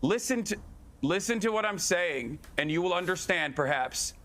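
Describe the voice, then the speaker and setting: A man's voice: sits high, lively intonation, normal speed, a bit bright. A man arguing as a guest on a TV debate panel, combative and profane, talking over the others. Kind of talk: heated TV debate.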